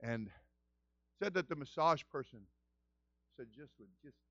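A man, a senior pastor, giving a conversational sermon and telling stories with lively asides. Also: on the high side, a little slow, no echo, dull audio. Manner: animated storytelling, acts out quoted voices.

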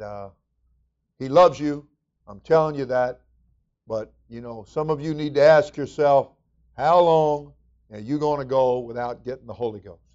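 A man's voice: mid-range voice, darkish tone, muffled recording. A man preaching a sermon as pastor, folksy and conversational with emphatic rising bursts.

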